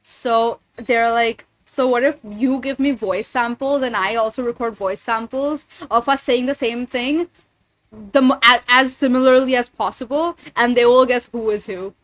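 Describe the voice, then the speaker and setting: A woman's voice: a little high, steady tone, normal speed, fairly bright tone, dry recording. A woman streamer chatting casually and rambling, swearing freely between thoughts. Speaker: streamer and voice actor. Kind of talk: casual livestream chat.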